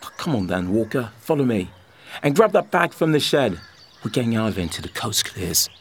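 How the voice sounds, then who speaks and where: A man's voice: mid-range voice, very animated, a little fast, slight background noise. A man playing a sarcastic, streetwise young city kid hiding out in the countryside. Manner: sarcastic, wry.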